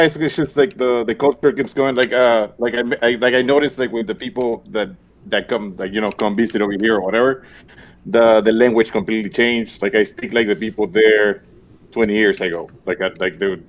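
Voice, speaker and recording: A man's voice: fairly low pitch, fairly even intonation, brisk, slight background noise. A man from Argentina, living abroad for two decades, chatting casually in a rambling way with many fillers. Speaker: guest. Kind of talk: casual chat.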